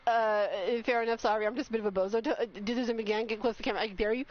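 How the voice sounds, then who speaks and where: A woman streamer, talking to her live chat in an excited, overwhelmed rush of exclamations. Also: on the high side, rapid-fire, hardly any pauses. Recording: slightly dull sound with faint noise.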